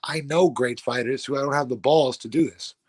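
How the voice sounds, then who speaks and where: A young man, a fighter as a guest, telling stories in a casual, animated and profane way. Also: mid-range voice, moderate pace. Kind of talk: casual interview chat.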